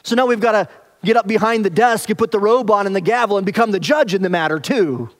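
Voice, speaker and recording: A man preaching an expository sermon, earnest, dropping soft and slow on key phrases. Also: high-pitched. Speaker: pastor.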